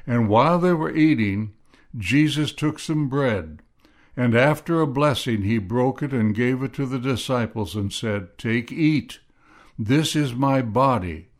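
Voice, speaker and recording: A man preaching a sermon, reading scripture aloud in a deliberate way and pressing hard on key words. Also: medium pitch. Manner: slow, deliberate reading, rising to emphatic stresses. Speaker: pastor.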